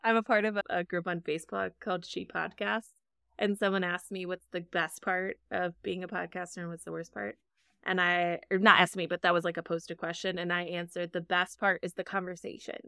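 A woman's voice: fairly low pitch, little pitch movement, fairly quick, gravelly, sharp tone, clear, resonant tone, no room sound, studio quality. A woman co-hosting and producing a podcast, talking casually, laughing often and poking fun at herself. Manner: chatty, laughs often, self-deprecating. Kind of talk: casual chat.

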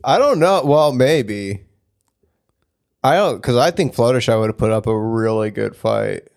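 A man co-hosting a casual chat, telling stories in a lively way. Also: medium pitch, measured pace, vocal fry, clean tone. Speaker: podcast co-host.

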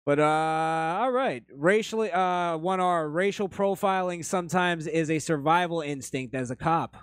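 A man's voice: a little high, measured pace, clear, resonant tone, dry recording, clean studio sound. A man hosting a podcast, reading chat comments and telling rambling stories in a blunt, profane, casual way. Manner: blunt, swears freely, rambling anecdotes.

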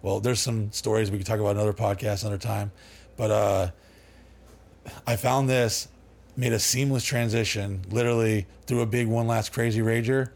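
A man's voice: lowish voice, flat delivery, brisk, a little mellow. A man as a podcast guest, telling long rambling stories with lots of swearing, fillers and restarts. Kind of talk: casual storytelling.

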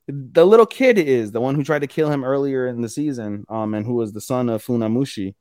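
A man co-hosting a podcast, casually recapping episodes in an animated way, acting out characters' lines and swearing freely. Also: medium pitch, moderate pace, clean tone, no room sound, clean studio sound. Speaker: podcast co-host.

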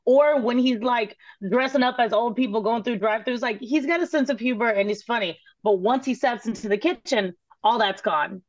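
A woman, a guest telling casual stories in an interview, animated and laughing, swearing and acting out quotes. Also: fairly high pitch, normal speed, few pauses, no echo, lo-fi sound. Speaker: guest, former cooking show contestant.

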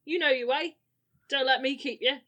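A woman's voice: sits high, moderate pace, sharp tone, dull audio. A woman running a tabletop game as game master, easygoing and loose.

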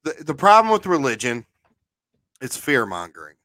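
A man co-hosting a podcast, a paranormal investigator chatting casually, animated and telling anecdotes with a swear now and then. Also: mid-range voice, moderate pace, no room sound.

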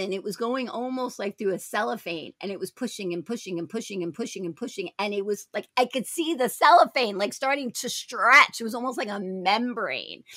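A woman hosting a faith talk show, telling spiritual stories in an emphatic way, jumping into loud, high voices when she quotes people. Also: no echo, studio quality. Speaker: host. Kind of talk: animated charismatic testimony chat.

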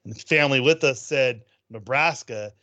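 A man's voice: medium pitch, moderate pace, fairly bright tone, muffled recording. A man co-hosting a casual chat about theme park news, rambling through stories with plenty of ums. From California. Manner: rambling storyteller, many ums. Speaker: podcast co-host.

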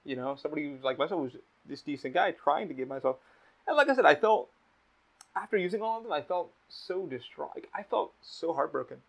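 A man's voice: on the high side, expressive, a little fast, creaky, fairly bright tone. A young man hosting a podcast, talking emotionally in casual chat, swearing often and restarting his sentences. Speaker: podcast host.

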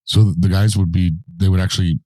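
Very deep, mellow-voiced male host. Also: steady tone, brisk, no echo, studio quality. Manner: teasing, chatty questioning. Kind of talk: casual studio banter.

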